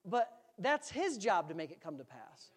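A man's voice: sits high, big pitch swings, normal speed. A man preaching a sermon as a pastor in a church, talking casually and joking with the congregation. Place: church sanctuary.

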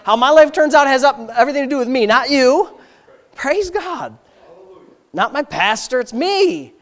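Folksy, impassioned preacher: talky asides, rhetorical questions, loud emphatic climaxes. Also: high voice, lively intonation, normal speed. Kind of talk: sermon.

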